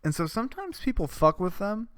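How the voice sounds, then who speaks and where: A man's voice: high voice, sing-song, fairly quick, no room sound, studio quality. A man hosting a comedy podcast, delivering a rambling, profane, worked-up rant. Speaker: podcast host.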